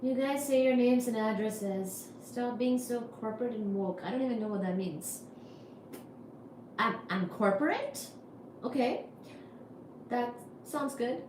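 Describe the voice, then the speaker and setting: A woman hosting a casual livestream, reading chat comments in a playful, laughing way. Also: a little high. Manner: playful, laughs often, soft and drawn-out. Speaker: livestream host. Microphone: iPad. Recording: roomy echo with faint background noise.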